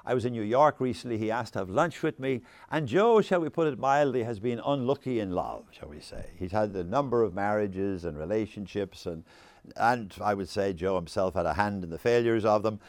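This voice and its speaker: Older male lecturer, 60s, lively varied pitch, dry close sound, rambling storyteller. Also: brisk, no room sound. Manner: animated, discursive, fond of asides. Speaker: speaker on faith. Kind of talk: lecture with anecdotes.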